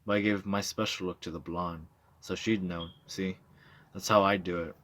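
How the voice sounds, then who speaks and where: A man's voice: low voice, fairly even intonation, normal speed, a bit bright. A man reading a novel aloud, voicing a boastful, coarse drunk male war veteran telling his stories. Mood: bragging. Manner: bragging, coarse, swaggering storyteller.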